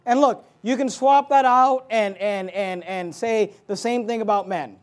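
Male pastor, very high voice, emphatic sermon delivery with stammered restarts. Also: measured pace. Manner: emphatic preaching with repetitions and asides.

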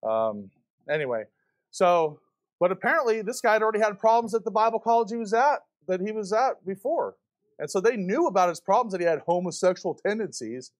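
High-voiced fiery male preacher. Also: animated. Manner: fiery, fast, rhetorical questions to the congregation. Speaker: visiting preacher. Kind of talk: sermon. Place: church before a congregation.

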